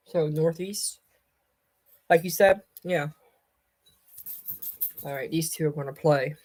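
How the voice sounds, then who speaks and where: A woman's voice: sits low, takes it slowly, a little mellow. A woman with a Southern US accent chatting casually on a live stream, rambling from topic to topic and breaking off to call her cat.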